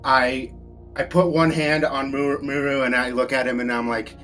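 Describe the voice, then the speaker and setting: Male player, mid pitch, slow dramatic storytelling. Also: flat delivery, pushed and bright, soft background music. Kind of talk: in-character narration of his death.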